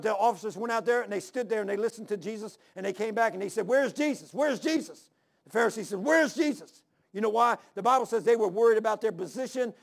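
A man in his sixties delivers a sermon in a high, gravelly voice with plenty of fry. He talks in a folksy way, leaning on "man" and "ain't." He hammers points home by repeating them and calling out amen and hallelujah. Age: 60s. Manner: emphatic, repeats phrases, calls amen and hallelujah. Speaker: preacher.

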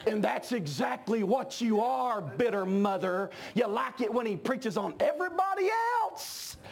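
Preacher guy, real high voice, gets loud and punchy, middle-aged. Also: sing-song, measured pace, vocal fry. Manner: emphatic, shouting at peaks. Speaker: pastor. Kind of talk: sermon.

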